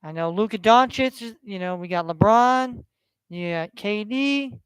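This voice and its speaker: A man's voice: sits high, a little slow, a bit bright, smooth, no echo. A man from California hosting a casual sports betting stream, rambling and swearing as he repeats himself. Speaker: sports betting podcast host.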